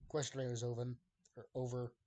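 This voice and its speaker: Talking fast in a mellow, medium-pitched voice with little pitch movement, this young man hangs out with his stream viewers. He drawls with an exasperated air, riffing jokes off the chat and laughing a lot.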